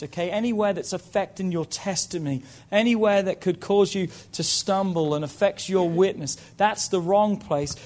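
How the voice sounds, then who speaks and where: Male pastor, high-pitched voice, preaching sermon, calls out to the congregation. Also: a little mellow. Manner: preaching with call-outs to the congregation; tells stories and voices the people in them.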